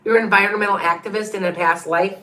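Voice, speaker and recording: A middle-aged woman gives psychic readings on a livestream, her medium-pitched voice steady, fast, pushed and bright. She rambles and repeats herself while thinking aloud, reading out viewers' names and counting under her breath.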